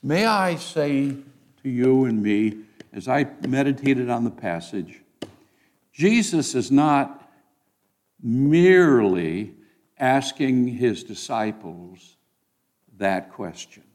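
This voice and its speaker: Male preacher, lively pitch, slow deliberate sermon delivery with dramatic swings in loudness. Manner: dramatic, acts out quoted voices, swings from loud to hushed.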